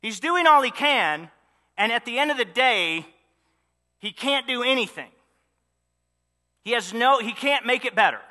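A man's voice: very high-pitched, lively intonation, measured pace, pauses often, sharp tone, long reverb tail. A man preaching a sermon, telling the story with animation and many rhetorical questions. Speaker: pastor.

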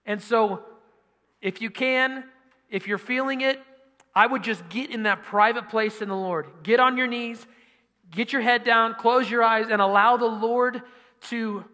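A young man preaching, telling a personal story with animated energy and rising volume as he drives to his point. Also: very high-pitched, measured pace. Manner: animated storytelling, loud when quoting himself. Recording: long hall reverb.

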